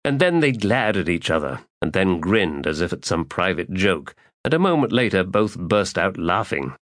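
A man narrating a fantasy audiobook in a measured storytelling voice. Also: low voice, sing-song, fairly bright tone, dry recording, clean studio sound.

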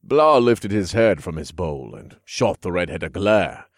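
A man narrating a first-person fantasy audiobook in a calm, even storytelling manner, close to a studio mic. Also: sits low, a little slow, no room sound.

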